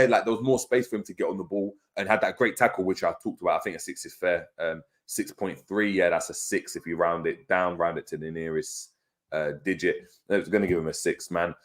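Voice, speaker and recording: A man hosting a casual live stream, laughing often, bantering in slang and reading viewer comments aloud. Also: sits low. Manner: slangy banter with many fillers. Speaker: host of a fan live stream.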